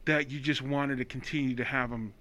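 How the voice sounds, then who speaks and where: A man's voice: mid-range voice, fairly quick. A man reminiscing in casual chat, cursing freely and checking in with his listener. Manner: animated, profane, keeps asking "you know what I mean".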